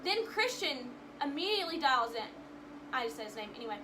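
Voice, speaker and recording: A woman's voice: high voice, very animated, brisk, noisy background. A young woman vlogger telling a personal story to camera in an emotional, rambling way, with frequent restarts.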